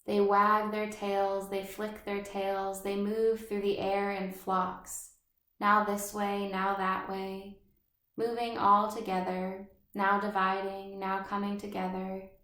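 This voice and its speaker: A woman reading the part of a fanciful, storytelling schoolboy in measured literary narration. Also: medium pitch, monotone, fairly bright tone, reverberant.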